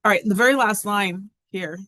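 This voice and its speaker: A woman's voice: mid-range voice, moderate pace, sharp tone, no room sound. A woman teaching a Latin lesson in a classroom, chatty and thinking aloud as she translates.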